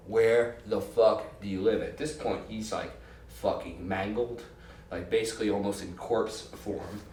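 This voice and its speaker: A man telling a long, profane, animated story in a casual interview, quoting people as he goes. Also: medium pitch, distant mic, slight background noise. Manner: profane, animated anecdote with quoted voices. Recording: roomy, off-mic with faint ambience.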